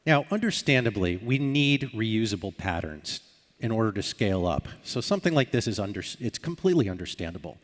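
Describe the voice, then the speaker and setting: A man with a low voice gives a conference talk in a large hall, and his words ring out with a long reverb. He explains his points and acts out short sample dialogues along the way. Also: sing-song, a little fast. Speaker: conference speaker.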